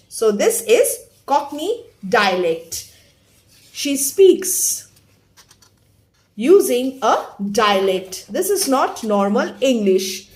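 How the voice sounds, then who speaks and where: Woman teacher, line-by-line lesson, slow, lively pitch. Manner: slow explanatory, stressing key words. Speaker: English teacher.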